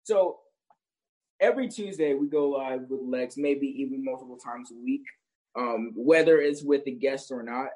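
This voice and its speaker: A man's voice: mid-range voice, moderate pace, darkish tone, poor audio. A young man chatting as an interview guest, rambling with restarts and frequent laughter. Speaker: guest, social media creator. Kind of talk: casual interview chat.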